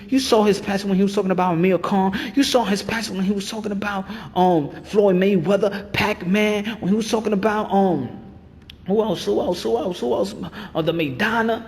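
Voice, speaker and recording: A man's voice: high voice, a little mellow. A man rants about boxing, hammering the same points over and over. He sounds fired up and emphatic. His voice rings with a long reverb. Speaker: boxing channel host. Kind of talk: ranting commentary.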